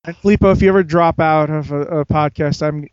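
A man's voice: fairly high pitch, fairly even intonation, fairly quick, highs cut off, very noisy. A man hosting a casual gaming podcast who keeps joking, teasing his co-hosts and laughing. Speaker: podcast host.

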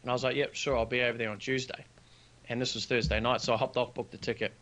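A man's voice: mid-range voice, fast. Earnest New man telling a story. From New Zealand. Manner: earnest, animated storyteller who acts out quoted dialogue. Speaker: podcast guest, business founder. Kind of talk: personal storytelling in conversation.

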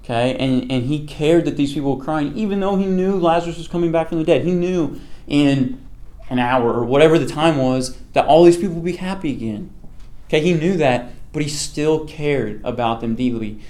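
A man's voice: fairly high pitch, normal speed, a little mellow. A man teaching a Bible study who reads scripture aloud and then explains it in a conversational way, often checking in with "okay?".

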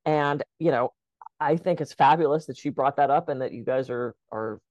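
A woman co-hosting a casual podcast, a lively, chatty storyteller who acts out the lines she quotes. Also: rumbling low, normal speed, dry recording, muffled recording. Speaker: podcast co-host.

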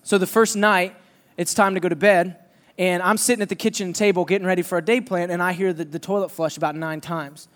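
A man preaching a sermon, telling a lively personal story and teasing his listeners. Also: high voice, brisk, in a large hall. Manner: animated, joking storyteller who teases the audience.

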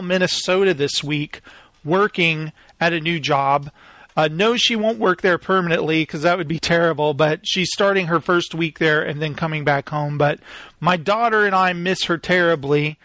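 A man's voice: high-pitched, a bit bright, dry recording. A man in his thirties hosting a solo podcast, goofy and self-mocking, with his voice cracking. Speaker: podcast host.

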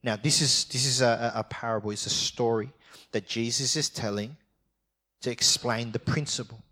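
A man's voice: mid-range voice, fairly even intonation, normal speed, pushed and bright. A man preaching a sermon as pastor, talking with his listeners in a conversational way, often checking in with them, and reading scripture aloud with expression. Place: church service.

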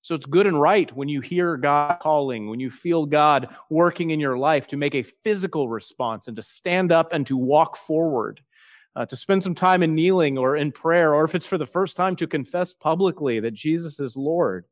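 A man's voice: on the high side, dry recording. Earnest preacher man, dry close sound. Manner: earnest, slows and softens for quoted prayers. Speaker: pastor. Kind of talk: sermon.

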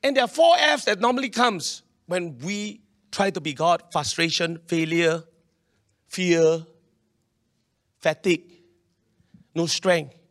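Animated high-voiced preaching man. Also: slow, long pauses. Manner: animated preaching with Singlish particles and restarts. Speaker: pastor. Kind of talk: sermon.

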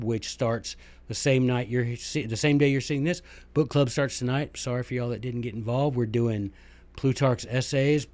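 A man's voice: medium pitch, darkish tone, no echo. A man hosting a podcast in a casual monologue, talking with lots of fillers and asides and muttering some comments under his breath. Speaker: podcast host; former teacher, book club leader.

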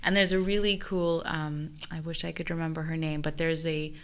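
A woman in her thirties with a somewhat low voice tells her story in casual conversation. She gets animated and lifts her voice sharply when she quotes herself or others. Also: normal speed, clear, resonant tone. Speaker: guest mother sharing experience. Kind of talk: casual conversational podcast chat.

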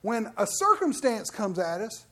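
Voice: medium pitch, a little slow. A middle-aged preacher giving an emphatic sermon with lots of restarts. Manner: animated, emphatic, with many restarts.

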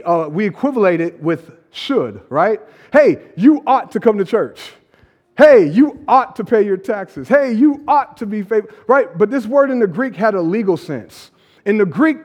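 A man's voice: high voice, a little mellow. A pastor preaching a sermon to his congregation, casual and conversational, building emphatic repeated lines. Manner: preaching with emphatic repetition and rising calls.

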